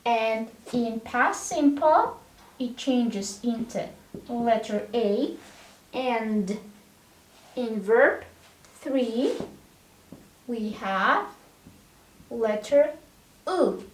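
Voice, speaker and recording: A woman teaches English verbs at a very slow, careful pace, repeating each form one word at a time and checking in with "all right?" Her voice sits a little high and rings in an echoey room. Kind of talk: slow, deliberate language lesson.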